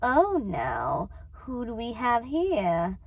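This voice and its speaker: A woman's voice: a little high, lively intonation, slow, rough recording. A woman voicing a sly, menacing male lion with a lilting, melodic manner in a storybook read-aloud. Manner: lilting, melodic yet threatening, mocking.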